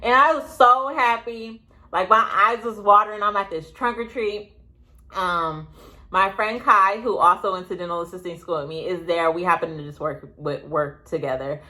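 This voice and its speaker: A young woman telling a story to her viewers in a casual vlog, rambling and chatty with quick asides. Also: mid-range voice, pushed and bright. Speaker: vlogger. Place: indoors, sitting at home.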